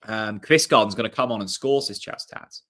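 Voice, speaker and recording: A man's voice: fairly low pitch, normal speed. Chatty young man commentating live. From Norfolk, England. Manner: chatty, excitable, swears casually. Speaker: host of a fan channel watchalong. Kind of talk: casual live commentary and chat with viewers.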